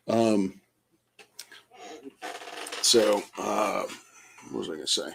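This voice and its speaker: A man's voice: on the low side, takes it slowly, vocal fry, long pauses, fairly bright tone, husky. A man on a casual late-night livestream from home, rambling and hesitant with lots of fillers, chatting to viewers by name.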